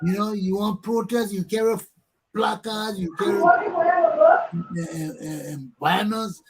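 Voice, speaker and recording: A man hosting a political talk show, speaking forcefully with lots of repetition. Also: high-pitched, animated, slow, very noisy.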